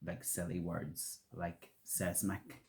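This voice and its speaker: A young man co-hosting a chatty podcast, self-mocking and quick to laugh. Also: on the low side. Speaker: podcast co-host. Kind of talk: casual chat.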